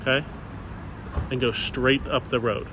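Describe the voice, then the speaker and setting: A man on a city square patiently giving halting directions. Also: medium pitch, steady tone, pushed and bright, poor audio. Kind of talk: casual street talk. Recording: street noise.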